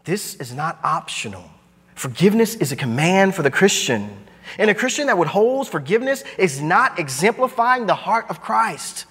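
A man preaching a sermon as pastor, emphatic and driving, his voice swinging high and low. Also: sing-song, moderate pace, fairly bright tone, husky, long reverb tail. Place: church sanctuary.

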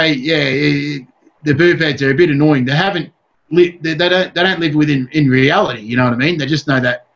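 A man's voice: fairly high pitch, fairly bright tone. A man with an Australian accent, a comedian speaking as an interview guest, talking bluntly and swearing a lot while he rambles on. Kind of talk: casual interview chat. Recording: dull lo-fi sound.

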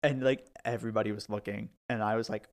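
A young man and podcast co-host telling animated stories, full of "like", into a podcast microphone. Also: on the low side, fast. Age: young adult. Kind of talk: casual storytelling.

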